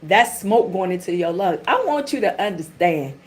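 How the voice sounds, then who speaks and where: A woman's voice: on the low side, sing-song, moderate pace, a little hiss or hum. Chatty woman, casual livestream talk. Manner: chatty and candid, with swearing and vernacular. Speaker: tarot reader and channel host.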